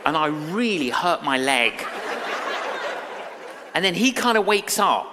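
Male minister, animated storyteller, reverberant recording. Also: a little high, a little slow, background noise. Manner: lively storyteller acting out dialogue. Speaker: guest minister. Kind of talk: storytelling sermon-style talk.

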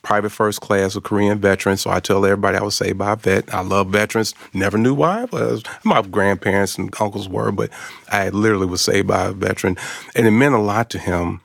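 A middle-aged man telling a personal story in conversation, animated and acting out the voices of others. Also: lowish voice, brisk, gravelly, dry recording. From Arkansas. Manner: animated, acts out quoted voices. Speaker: guest.

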